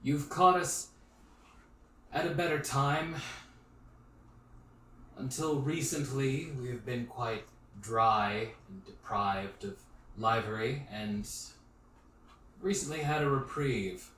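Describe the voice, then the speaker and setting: A man voicing an older, sour-faced village mayor who speaks slowly and formally, recorded from a distance in an echoey room. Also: mid-range voice, fairly bright tone, pitched above the performer's own voice. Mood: formal, guarded. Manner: slow, formal, measured speech. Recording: roomy echo, distant mic, faint noise.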